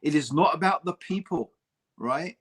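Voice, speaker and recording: A man's voice: a little high, expressive, moderate pace, slightly rough. Emphatic man calling everyone bro. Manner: emphatic, conversational, says "bro" often. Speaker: podcast co-host. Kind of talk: casual discussion.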